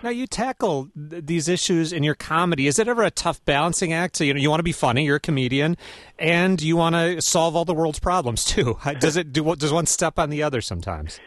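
A man with a fairly high voice hosts a radio interview, posing measured, conversational questions. His voice is close and dry, with no room echo. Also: expressive, a bit bright.

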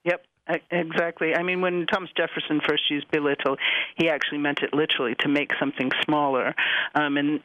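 A man's voice: fairly high pitch, dry recording, lo-fi sound. A man from the United States, a linguistics professor answering radio interview questions in a thoughtful, explanatory way with many fillers and restarts.

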